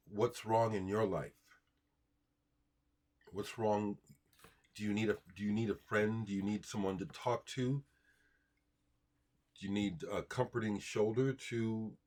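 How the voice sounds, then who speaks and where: Low husky-voiced man chatting on a livestream. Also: darkish tone. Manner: rambling, answers viewer comments aloud. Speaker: livestream host showing records. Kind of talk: casual livestream chat.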